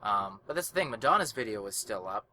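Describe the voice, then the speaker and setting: A man's voice: fairly low pitch, expressive, fast talker, pushed and bright, a little hiss or hum. A man co-hosting a casual podcast, laid-back with dry teasing and many short agreeing replies. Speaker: podcast co-host. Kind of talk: casual chat.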